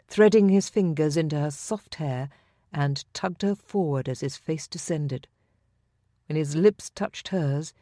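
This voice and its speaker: Low-voiced woman narrating a romance. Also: a little mellow, no echo, studio quality. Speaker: audiobook narrator.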